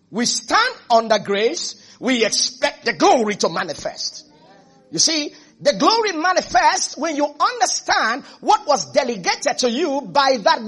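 A man preaching a sermon in a strikingly high, husky voice. He is emphatic, repeats key phrases and keeps asking the congregation whether they are listening. His delivery swings between raised, driving stretches and quieter, intimate ones. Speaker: pastor.

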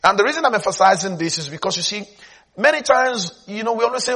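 Man preaching a sermon, husky voice, lively rising and falling pitch, emphatic repetition. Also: brisk. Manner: emphatic, repeats key words, asks if listeners follow.

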